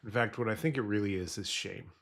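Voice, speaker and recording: A man's voice: fairly low pitch, quick pace, vocal fry, fairly bright tone. A man trading futures live and talking through trading psychology in a casual, rambling way with many fillers. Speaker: futures trader streaming live. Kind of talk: casual live-stream commentary.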